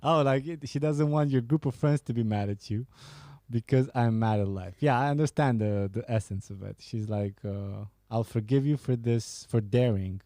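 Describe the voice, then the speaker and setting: Laid-back man with a mellow voice. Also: mid-range voice, moderate pace, no room sound, studio quality. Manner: laughing, profane, banter. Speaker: podcast host. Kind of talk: casual chat reading viewer messages.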